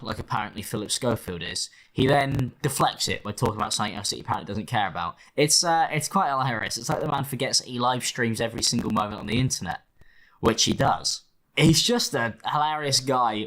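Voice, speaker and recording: A man hosting reaction commentary, his pitch swinging up and down as he jokes. He lays the sarcasm on thick and slips into a mock-whiny tone. His voice sits in a middle register. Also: expressive, fast talker, fairly bright tone. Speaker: host.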